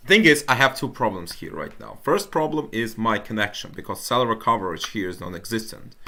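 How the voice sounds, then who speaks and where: Man, voice chat host, relaxed, chatty, low voice, bright tone. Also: brisk. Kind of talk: casual group voice chat.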